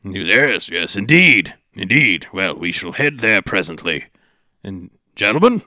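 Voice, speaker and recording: Man playing a pompous booming paladin commander. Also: very animated, unhurried, sharp tone, no room sound, clean studio sound, full character voice. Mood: formal. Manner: pompous, formal, clipped. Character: pompous loud male paladin commander, stiff and formal.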